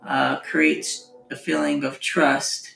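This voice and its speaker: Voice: mid-range voice, level tone, slow pace, gravelly, fairly bright tone, reverberant, faint music behind, rough recording. An interviewer asking probing questions and summarizing what the guest has said. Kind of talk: casual conversation.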